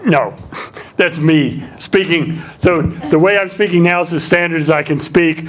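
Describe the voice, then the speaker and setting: Speaking in an unhurried, somewhat high voice, a man with a slight Southern accent delivers a public lecture as a linguistics professor, keeping it conversational and full of fillers and restarts.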